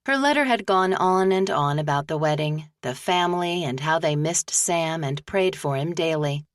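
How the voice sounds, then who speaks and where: A woman narrating an audiobook in a measured storytelling manner, close to the mic. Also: low voice, no echo. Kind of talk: scripted narration.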